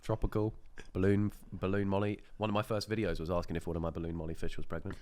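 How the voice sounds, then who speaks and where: A man's voice: deep voice, level tone, fast talker, darkish tone, slight background noise. A man hosting a podcast, telling rambling anecdotes in casual chat with frequent laughs. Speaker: podcast host.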